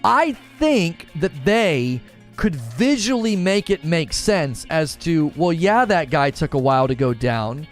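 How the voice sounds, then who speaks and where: A man's voice: on the high side, sing-song, slow pace, faint music behind. A man hosting a live gaming stream, reading chat messages and arguing his views with rhetorical questions. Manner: opinionated, explains with rhetorical questions.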